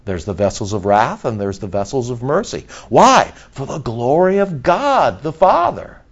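A man's voice: mid-range voice, moderate pace, gravelly, husky, highs cut off. A male pastor preaching a sermon, explaining a scripture passage and acting out what people in the crowd might say. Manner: animated, acts out crowd voices and asides.

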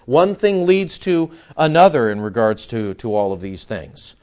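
A man's voice: mid-range voice, big pitch swings, unhurried, a little mellow, muffled recording. A man preaching an expository sermon as pastor, talking conversationally and asking the congregation rhetorical questions.

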